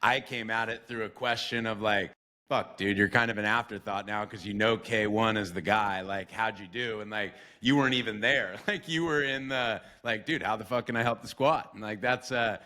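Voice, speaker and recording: A man's voice: on the low side, steady tone, normal speed, bright, forceful tone. A man hosting a podcast in casual interview chat, laid-back, filling his talk with "like" and cursing freely. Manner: laid-back, swears freely, says like a lot. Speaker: podcast host.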